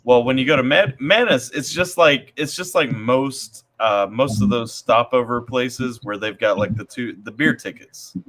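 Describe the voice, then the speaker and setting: A man with a bright, forceful voice spins a loose army anecdote in a casual chat. He circles back and repeats words as he talks, in an easygoing storytelling manner. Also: mid-range voice, moderate pace, few pauses, rough recording. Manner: rambling, repeats words while telling a story. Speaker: army veteran guest telling stories.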